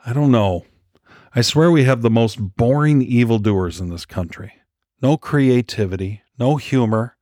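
A man's voice: mid-range voice, measured pace, warm tone, dry recording, studio quality, lightly acted. A man voicing a sardonic, wisecracking male operative in an audiobook. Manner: sardonic, joking.

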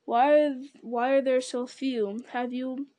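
A woman's voice: high-pitched, steady tone, a little slow, warm tone. A woman voicing an eager, curious young male hobbit in a storybook reading, asking earnest questions.

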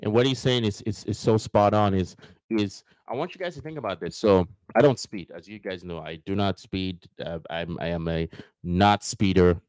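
A man's voice: sits low, moderate pace, darkish tone, smooth, dry recording. Emphatic man hosting a live motivational talk. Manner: emphatic, repetitive, addresses viewers directly. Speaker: host.

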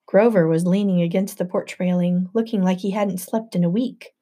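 A woman narrating a novel aloud in the first person with an even storytelling delivery. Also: fairly low pitch, moderate pace. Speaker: audiobook narrator.

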